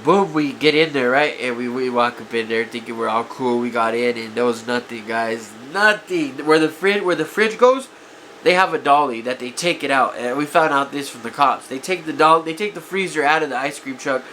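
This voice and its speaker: Regretful and hard on himself, this vlogger confides stories from his past, his voice somewhat off from allergies, repeatedly addressing viewers as "guys" with plenty of "you knows." He speaks at a normal speed in a mid-range voice that sounds pushed and bright, over a little hiss or hum.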